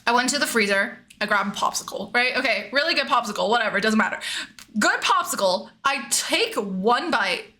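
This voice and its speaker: A woman's voice: fairly high pitch, a little fast. A young woman streamer in her twenties telling a story in casual chat. She swears freely, laughs often and acts out her own lines. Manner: animated, swears freely, laughs often, voices herself in quotes.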